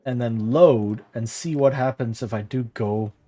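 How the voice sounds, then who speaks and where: A man's voice: mid-range voice, a little slow, warm tone. A man streaming gameplay, chatting casually with incredulous, sarcastic asides.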